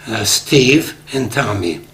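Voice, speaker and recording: A man's voice: on the low side, expressive, slow, fairly bright tone. A man in his seventies from northern Greece, candidly telling family stories in an oral history interview, with a wry tone. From Aegean Macedonia, northern Greece. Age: 70s. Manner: candid and wry, acting out old dialogues. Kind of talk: unhurried storytelling in conversation.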